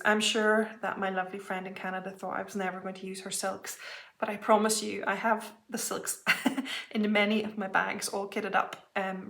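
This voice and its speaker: A chatty woman from Britain talks through her stitching projects from home, laughing often and apologizing as she goes. Her voice sits at an ordinary middle pitch. The room adds a noticeable roomy echo. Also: a bit bright. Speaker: flosstube host. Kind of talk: casual show-and-tell chat.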